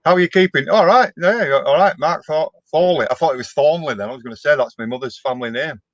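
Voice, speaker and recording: A man's voice: on the high side, fairly bright tone, no room sound, lo-fi sound. A middle-aged man, chatting casually on a live stream as he answers viewer comments, with a down-to-earth manner and frequent restarts. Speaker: vlogger hosting a live stream.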